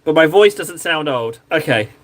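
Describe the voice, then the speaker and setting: A man from southwest England with a southern English accent, hosting a live stream and chatting casually, excitable and quick to interrupt himself. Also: fairly high pitch. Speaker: live-stream host painting miniatures.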